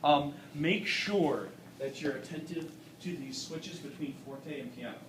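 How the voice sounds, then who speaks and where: A man with a somewhat high voice gives an encouraging masterclass critique, explaining things patiently and pausing on "um"s. He is picked up from across an echoey recital room. Steady background noise sits under his voice. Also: recorded from a distance. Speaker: vocal adjudicator.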